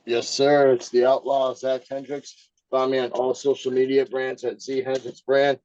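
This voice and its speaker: A man co-hosting a casual podcast, easygoing and rambling, with a halting way of talking. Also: mid-range voice, flat delivery, darkish tone, no room sound, dull audio. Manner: rambling, laid-back, halting. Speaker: podcast co-host.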